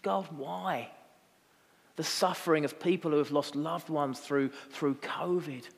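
A man delivers a sermon, swinging between fervent emphasis and hushed, slowed reflection. His voice sits a touch high. The church around him adds a long, lingering reverb. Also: fairly even intonation. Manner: impassioned preaching, quieter and slower when reflective. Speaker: pastor.

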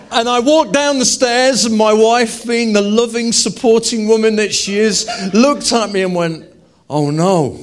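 A man preaching a humorous sermon to a live congregation. He jokes and then builds to loud, emphatic declarations. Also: high-pitched.

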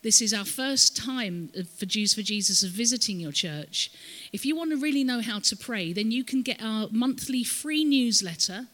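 Bright-voiced woman teaching in a church. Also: a little high, animated, moderate pace. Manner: storytelling, has the audience repeat words. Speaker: visiting ministry speaker at a church. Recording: long reverb of a church hall.

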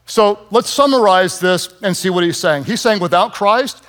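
A man in his fifties preaching a sermon, telling stories with lively, self-mocking humor. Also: high-pitched, moderate pace. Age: 50s. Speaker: pastor.

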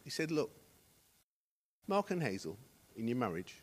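A middle-aged man preaching a sermon as associate pastor, telling stories and acting out the dialogue, going from hushed to loud. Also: medium pitch, sing-song, moderate pace, slightly rough. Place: church hall.

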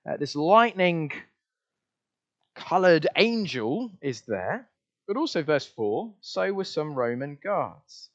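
A man delivers an emphatic sermon in a fairly high voice, leaning hard on repeated refrains. He shifts from loud declarations down to quiet asides. The recording sounds dull and lo-fi. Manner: emphatic, repeats refrains, varies loudness widely. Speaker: preacher.

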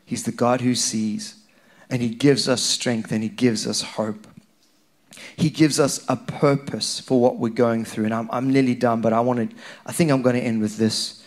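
A man preaching a conversational, animated sermon to a church congregation. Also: moderate pace. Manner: animated, conversational, rising in pitch when stirred.

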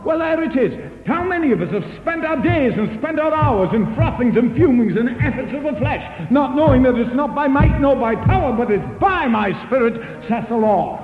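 A man's voice: very high-pitched, expressive, normal speed, hardly any pauses, soft background music. A man preaching a storytelling sermon, acting out the voices of the people in his story. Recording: echoey hall, dull lo-fi sound.

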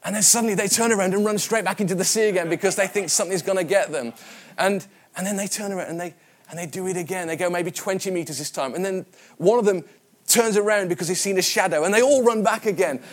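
A man's voice: high-pitched, quick pace. Anecdotal preacher man from the West Midlands. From West Midlands, England. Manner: conversational and anecdotal, with frequent repetitions. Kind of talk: sermon with personal stories.

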